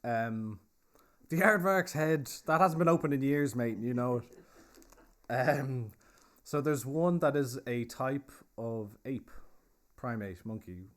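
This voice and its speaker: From inside a pub, a man hosts a casual virtual pub tour, acting as guide and quizmaster. His medium-pitched voice takes things slowly as he chats, jokes and confirms the audience's quiz answers.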